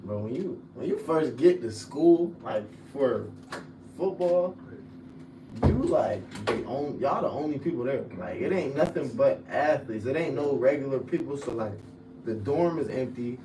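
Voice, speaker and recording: A young man, a former college football player, telling stories in relaxed slang on a casual podcast. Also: measured pace. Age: young adult. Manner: laid-back storytelling with slang, drifts low and quiet. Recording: echoey room, mic at a distance, faint noise.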